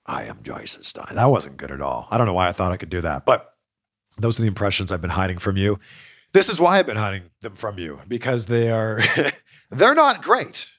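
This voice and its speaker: A man's voice: lowish voice, fairly quick. A man hosting a casual fan Q&A, telling stories with an easy, chatty manner and frequent laughs. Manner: lively, laughs often, chatty storytelling. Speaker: host of a wrestling Q&A show. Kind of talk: casual chat answering fan questions.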